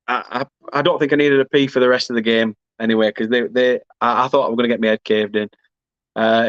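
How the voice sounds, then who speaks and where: A man's voice: medium pitch, a bit bright, no echo, lo-fi sound. A man hosts a football fan watchalong, reading viewer comments aloud and chatting casually in a rambling, self-deprecating way.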